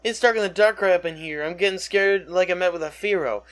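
A man's voice: high-pitched, fast talker, fairly bright tone. A man voicing a swaggering young male gang grunt from a game, reading the lines as a slangy rap full of "yo". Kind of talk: reading game dialogue aloud in a put-on voice.

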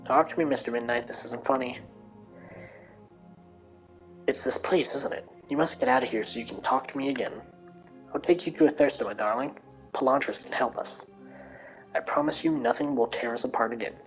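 A woman voicing a frightened young girl who speaks in an anxious, pleading manner. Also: extremely low pitch.

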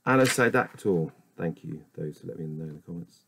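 Low-voiced man reading word lists. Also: a little fast, vocal fry, a little hiss or hum. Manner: steady list reading, with muttered doubts about pronunciation. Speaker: YouTube host reading the dictionary aloud. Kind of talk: reading a word list aloud with casual asides.

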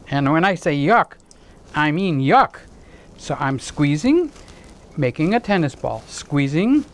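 Male home-cook host, chatty and jokey, voice leaping up and down in pitch. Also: low-quality recording. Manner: playful, chatty, joking asides to viewers; swoops into high excited exclamations. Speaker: home cooking channel host. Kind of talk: casual cooking demonstration to camera.

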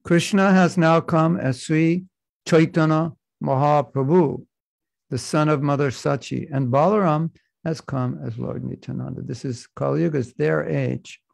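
A man with a gravelly, creaky voice teaches a scripture class. He reads slowly and with measure, then breaks off for joking asides. The sound is dry and close, with no room echo. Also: fairly high pitch, steady tone, a little mellow. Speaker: spiritual teacher. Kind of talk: scripture class, reading and commenting.

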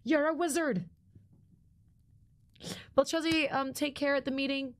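A woman's voice: high voice, fairly even intonation, a little slow. A young woman streaming a game live, chatting casually with viewers and greeting them by name while her voice is partly lost and slightly strained.

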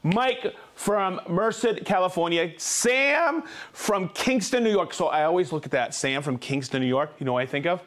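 High-voiced upbeat man reading shout-outs. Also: fairly quick, hardly any pauses. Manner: upbeat, joking, trips over hard names. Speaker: host of a live tool stream.

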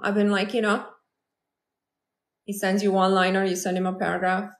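A woman's voice: medium pitch, little pitch movement, moderate pace, echoey room. A woman hosting a casual live stream as a manifestation coach, talking confidently and chattily to viewers. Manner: confident, chatty, acts out quoted lines.

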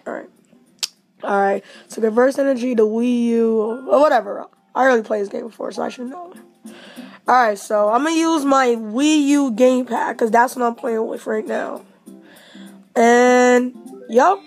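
A woman hosting a casual let's-play, excitedly reacting out loud to the game as she plays. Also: a little high, normal speed, soft background music. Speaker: gaming channel host.

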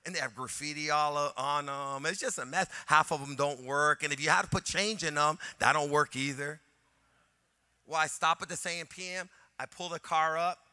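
Bright-voiced male pastor preaching. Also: fairly high pitch, moderate pace, clear, resonant tone, dry recording. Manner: animated anecdotal preaching, acting out dialogue. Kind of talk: sermon.

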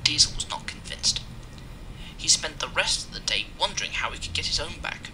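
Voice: medium pitch, moderate pace, whispered, low-quality recording. A narrator reading a children's train story aloud and doing every character's voice. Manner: reads every part himself, lively changes of voice.

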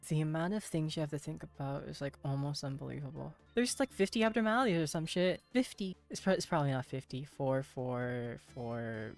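A man commentating his own gameplay, tense and shaky, swearing often and repeating himself in frantic bursts. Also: a little high. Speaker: gaming streamer.

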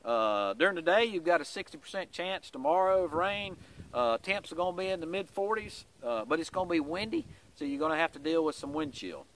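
A man with a voice pitched a little high for a man. He talks in a folksy, rambling way, full of "uh" and "um" fillers. It sounds like an easygoing weekly update for a vlog. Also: expressive, a little fast, fairly bright tone, a little hiss or hum. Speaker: vlogger giving weekly hiker updates.

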